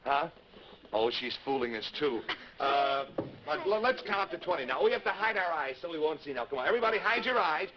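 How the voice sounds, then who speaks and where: A man's voice: fairly high pitch, expressive, fairly quick. A man hosting a live children's show, coaxing the kids in a friendly way, on a noisy lo-fi 1950s TV broadcast. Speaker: children's TV host.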